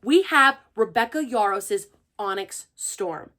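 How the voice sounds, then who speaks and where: A young woman who hosts a book channel, chatting casually and excitedly to her viewers. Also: medium pitch, slow pace. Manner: gushing and chatty, full of fillers. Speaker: book reviewer and channel host. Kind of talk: casual chat to camera.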